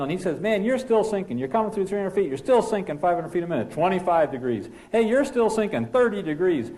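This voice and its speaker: A male flight instructor gives a classroom lecture to pilots, speaking emphatically and a little mellow. He poses rhetorical questions and lowers his voice for the key points.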